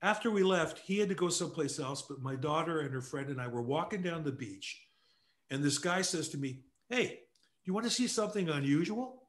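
An older man from Canada, a guest telling anecdotes casually, animated and quick to laugh. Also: on the high side. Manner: animated storyteller who acts out quotes, laughs often. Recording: echoey room.

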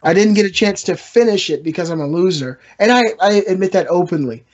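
A man with a high voice hosts a casual gaming podcast, rambling, joking and trash-talking with his co-hosts at a brisk pace. The recording sounds muffled.

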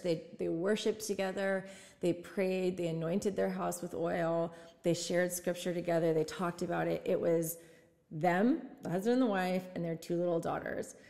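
Lady pastor chatting on a podcast, lowish voice, quick asides, echo trailing off. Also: vocal fry. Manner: warm storytelling, quick asides and light laughs. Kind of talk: casual faith podcast chat.

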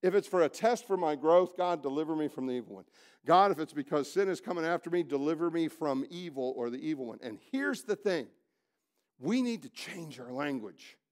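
Fired-up man preaching a sermon. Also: fairly high pitch. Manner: animated preaching with acted-out quotes and swings in loudness; blunt, folksy. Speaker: pastor. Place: church sanctuary.

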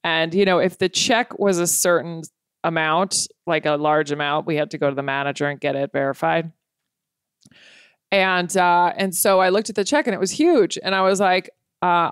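A woman's voice: fairly low pitch, moderate pace, clean tone, no echo, clean studio sound. A woman comedian guest chatting on a podcast, telling stories and acting out what people said. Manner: storytelling, animated, acts out quotes. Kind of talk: casual podcast chat.

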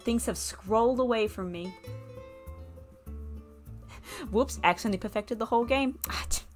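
A woman's voice: fairly high pitch, measured pace, soft background music. A woman streaming a game live, chatting casually with her viewers, laughing often and swearing freely. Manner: giggly, swears freely, chats with viewers while playing.

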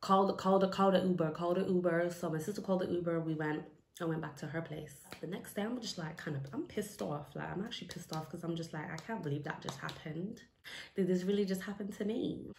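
A woman's voice: fairly low pitch, fairly quick, creaky. Young woman telling a story, roomy. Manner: animated, acts out quoted lines, repeats phrases for emphasis. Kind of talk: storytime vlog, casual retelling. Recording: echoey room with faint noise.

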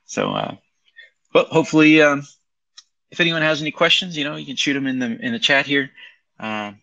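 A man's voice: fairly high pitch, very animated, fairly quick, creaky, pushed and bright, lo-fi sound. A man giving a casual market price report over a remote call, talking through charts hesitantly with many ums and restarts.

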